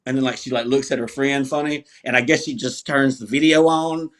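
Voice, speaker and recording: A man, a comedian guest, telling stories in a casual, animated, profane way and laughing often. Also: medium pitch, fairly quick. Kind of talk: casual storytelling interview.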